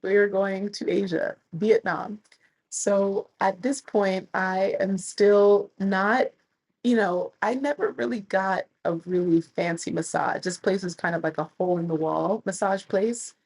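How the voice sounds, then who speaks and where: A woman in her thirties, a travel creator telling stories casually and animatedly, with a husky voice. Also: mid-range voice, measured pace, rough recording. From United States. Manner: animated, chatty storyteller who laughs and acts out quotes. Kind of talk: casual storytelling to camera.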